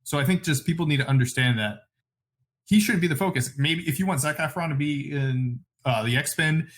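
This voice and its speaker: A man co-hosting a casual podcast chat, giving blunt opinions and quick apologetic asides. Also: on the high side. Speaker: podcast co-host.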